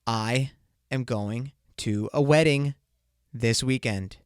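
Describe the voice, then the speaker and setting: A young man hosting his own podcast, rambling loosely and crudely in casual solo talk with bursts of excitement. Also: mid-range voice, takes it slowly, smooth, dry recording, clean studio sound. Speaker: podcast host.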